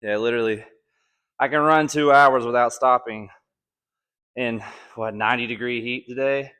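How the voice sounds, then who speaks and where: A man's voice: mid-range voice, steady tone, moderate pace, pushed and bright, clean tone. A young man from Alabama talking casually through a home kettlebell workout, a little out of breath, joking and counting down reps on a camera mic. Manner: laid-back, joking, counting reps between sets. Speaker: fitness vlogger. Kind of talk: casual workout follow-along chat.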